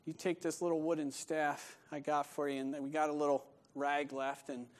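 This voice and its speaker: A blunt, offhand Saint Peter at heaven's gate, casual and matter-of-fact, as a preacher acts him out in a joke. The voice stays fairly high. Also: male voice, little pitch movement, normal speed, natural voice.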